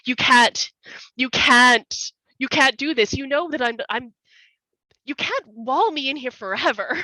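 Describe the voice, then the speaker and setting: A woman's voice: high voice, expressive, fairly quick, bright, forceful tone, no room sound, pitched above the performer's own voice. A woman voicing a terrified man who pleads in a raised, frantic voice as he is being walled in. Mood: desperate. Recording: dull lo-fi sound.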